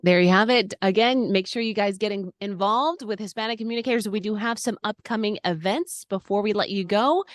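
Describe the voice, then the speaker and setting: A woman's voice: mid-range voice, a little fast, few pauses, no echo. A woman hosting an online mentoring interview, asking questions and wrapping up the session in a polished, friendly way. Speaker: host.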